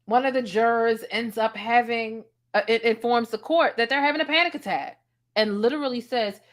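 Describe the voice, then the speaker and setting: A woman's voice: a little high, moderate pace. A woman giving casual commentary as a vlogger, blunt, sassy and profane as she sums up a court day from home.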